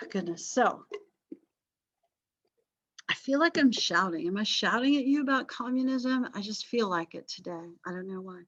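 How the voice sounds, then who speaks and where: A woman's voice: medium pitch, expressive, unhurried, long pauses, a bit bright, dull audio. A woman teaching a history class in a chatty lecture, correcting herself and tossing in jokey asides, her voice a little strained from vocal cord damage.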